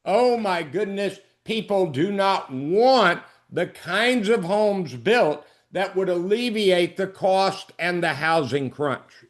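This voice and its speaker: Man, high-pitched voice, book briefing presenter, brisk and emphatic, numbered points. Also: expressive. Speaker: webinar presenter.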